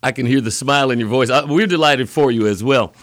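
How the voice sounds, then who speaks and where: A man's voice: mid-range voice, fast, no echo. A man hosting a radio interview, asking polite questions in a studio. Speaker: radio host.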